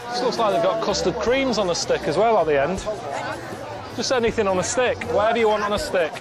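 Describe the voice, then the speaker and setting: A man giving bemused, deadpan commentary while he travels. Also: high voice, fast, a loud crowd. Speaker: travel show presenter. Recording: music under the voice.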